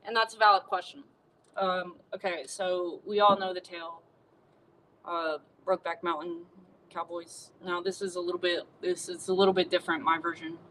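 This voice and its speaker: A woman's voice: on the low side, a bit bright, slight background noise, rough recording. A woman hosting a casual livestream, telling a bawdy comic story with chatty asides to her viewers. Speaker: livestream host.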